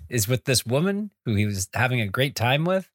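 A man gushing about a comic book on a casual podcast, peppering his talk with fillers and the odd curse. His voice sits at a plain middle pitch. The recording is dry, with no room sound. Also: sing-song, normal speed, dry recording. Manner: enthusiastic, casual swearing, frequent fillers. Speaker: podcast co-host.

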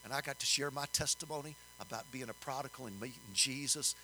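An older man telling a story in a sermon, folksy and animated, rising in emphasis. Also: mid-range voice, fast talker, a little hiss or hum, low-quality recording. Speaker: preacher.

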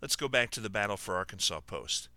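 A man, the author, reading his own historical novel aloud in a measured, plain way on a close mic. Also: fairly low pitch, animated, pushed and bright, no room sound. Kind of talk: audiobook narration.

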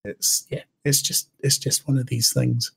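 A man's voice: medium pitch, level tone, a little slow, vocal fry, bright, forceful tone, husky. A middle-aged Scottish man, a podcast co-host and game master, chatting casually and often restarting his sentences. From Scotland. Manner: chatty, stacks restarts and repeated words. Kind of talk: casual chat.

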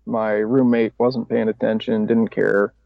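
Gravelly man telling his story. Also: lowish voice, level tone, measured pace, dry recording. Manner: rambling, casual, swears, laughs at himself. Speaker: podcast guest. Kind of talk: candid personal recovery story. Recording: dry, slightly dull podcast audio.

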